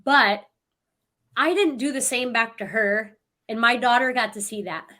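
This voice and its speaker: Bright-voiced woman telling a story. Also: on the high side, measured pace. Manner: animated storytelling with frequent laughs. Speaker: guest. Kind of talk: casual podcast conversation.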